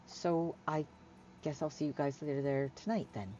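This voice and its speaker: A woman's voice: sits low, steady tone, normal speed, warm tone, lightly acted. A woman voicing an awkward, shy young woman with a tail who stammers nervously, on a slightly muffled recording with faint hiss.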